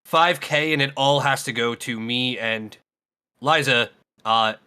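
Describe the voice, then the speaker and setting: A man co-hosting a gaming podcast, talking in an easygoing, halting way. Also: medium pitch, sharp tone, clean tone. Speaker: podcast co-host. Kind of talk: casual gaming podcast chat.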